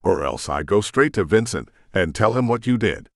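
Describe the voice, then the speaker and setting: A man's voice: on the low side, lively intonation, normal speed, creaky, no room sound, clean studio sound. Man voicing a sneering vengeful rogue shifter. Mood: threatening. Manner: sneering, taunting.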